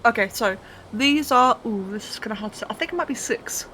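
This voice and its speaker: A woman's voice: on the high side, fairly quick, sharp tone, slight background noise, poor audio. A young woman live-streaming a game, thinking aloud as she builds, counting under her breath and chatting to viewers with casual swearing. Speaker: livestreamer.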